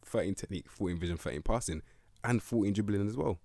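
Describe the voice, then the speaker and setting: A man's voice: on the low side, quick pace, warm tone, no echo, clean studio sound. A young man giving blunt, slang-heavy commentary on a football management game. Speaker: gaming video host.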